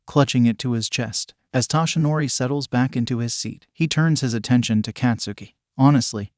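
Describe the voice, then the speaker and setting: A man narrating a fan fiction story in a steady, scripted storytelling manner. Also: medium pitch, dry recording, clean studio sound.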